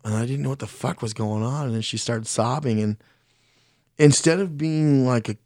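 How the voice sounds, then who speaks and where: A man's voice: mid-range voice, moderate pace, a little mellow, dry recording, studio quality. A man telling a long story in casual chat, blunt and frank, swearing often and rambling, and openly critical of himself. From Mexican heritage.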